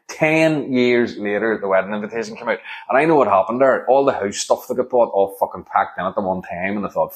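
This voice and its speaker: A man's voice: medium pitch, moderate pace. A middle-aged man, hosting a solo comedy podcast in a rambling, sweary, sarcastic monologue.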